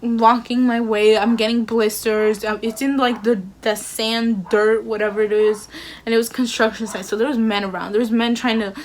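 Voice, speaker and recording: A woman's voice: on the high side, flat delivery, moderate pace, slight background noise. A young woman telling a storytime with lots of slang and fillers, acting out the dialogue. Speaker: vlogger. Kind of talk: casual storytime.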